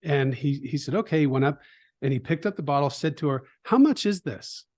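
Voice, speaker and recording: A middle-aged man in a conversational interview, an animated storyteller who acts out quoted voices, with frequent restarts. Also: fairly high pitch, fast. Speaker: trading educator, guest.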